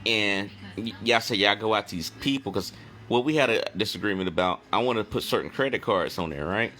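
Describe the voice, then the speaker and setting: A man's voice: lowish voice, a little fast, sharp tone, soft background music. Blunt man telling a debt story. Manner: blunt, swears casually, acts out phone calls. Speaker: finance video host. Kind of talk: casual storytelling monologue.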